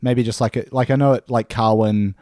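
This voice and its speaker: Male co-host, mellow and low, laid-back with restarts, dry close recording. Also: fairly quick, no echo. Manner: relaxed, hesitant, repeats words. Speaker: podcast co-host. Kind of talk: casual chat over beers.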